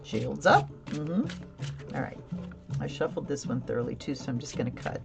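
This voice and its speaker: Low-voiced chatty woman reading tarot. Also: very animated, moderate pace, vocal fry, over music. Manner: chatty, laughing often, answering viewer comments. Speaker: tarot reader and livestream host. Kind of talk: casual live tarot reading.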